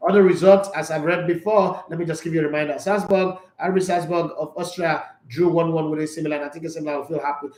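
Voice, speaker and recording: A man hosting an opinionated football show, talking in an animated, emphatic way full of rhetorical questions. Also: on the high side. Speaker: sports show host. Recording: roomy echo.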